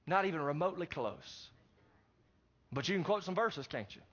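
A man's voice: on the high side, lively intonation, moderate pace, husky. A man preaching a sermon, emphatic and pressing the congregation with rhetorical questions. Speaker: pastor. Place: church service. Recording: dull lo-fi recording.

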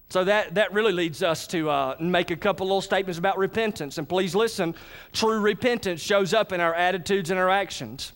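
A man's voice: high-pitched, brisk. A man preaching a sermon, calling on the congregation to answer him. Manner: lively, calls on the congregation to answer. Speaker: pastor.

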